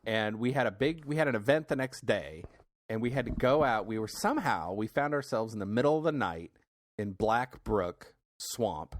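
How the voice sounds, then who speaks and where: A man's voice: fairly low pitch, animated, moderate pace, a little hiss or hum. Easygoing male podcast co-host. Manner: easygoing, laughs readily, hesitant fillers. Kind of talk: casual chat.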